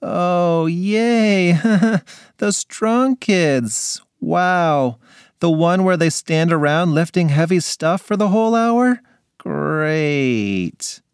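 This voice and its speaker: Guy doing a dry sarcastic schoolgirl, highish voice, storybook. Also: moderate pace, no echo. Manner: flat, sarcastic. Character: glum sarcastic schoolgirl Selena.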